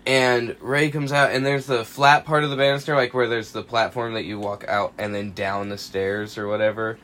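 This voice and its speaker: A man in his twenties, a podcast co-host, telling a rowdy story casually, swearing freely and acting out quotes loudly. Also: mid-range voice, little pitch movement, moderate pace.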